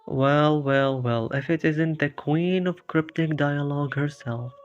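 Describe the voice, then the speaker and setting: A sarcastic, bewildered male horror hero, as the narrator puts him on, firing off self-mocking quips in a game parody. Each joke lands with a wry, jittery edge. The sound is dull and lo-fi, with soft music underneath. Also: medium pitch, a little slow, lightly acted. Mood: flustered.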